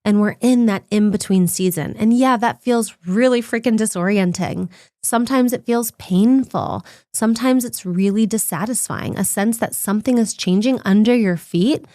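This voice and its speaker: A woman's voice: medium pitch, normal speed, no room sound, clean studio sound. Woman hosting a self-help podcast. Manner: warm, coaching, speaks directly to listener. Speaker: podcast host.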